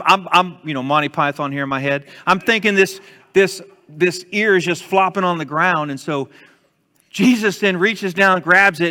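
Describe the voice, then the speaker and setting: A man's voice: on the high side, long reverb tail. A man preaching a sermon as pastor, telling stories conversationally and acting out the quotes. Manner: conversational, animated storytelling with acted-out quotes.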